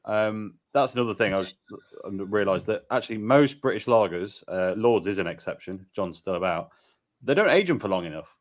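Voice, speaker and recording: A man's voice: fairly low pitch, animated, brisk. A man chatting casually over beers, giving firm opinions on lager as a regular co-host. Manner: opinionated, holds forth on beer.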